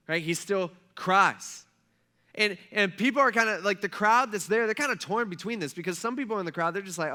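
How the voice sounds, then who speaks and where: Bright, high-voiced casual pastor. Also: male voice. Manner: casual, conversational retelling with acted-out quotes. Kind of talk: sermon.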